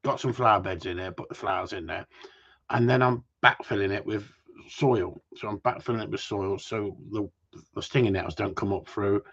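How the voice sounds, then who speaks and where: Husky man rambling on a livestream. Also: lowish voice, moderate pace, fairly bright tone. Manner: rambling, swears, jokey banter. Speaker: livestream host. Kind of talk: casual chat to a live audience. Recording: dull lo-fi sound.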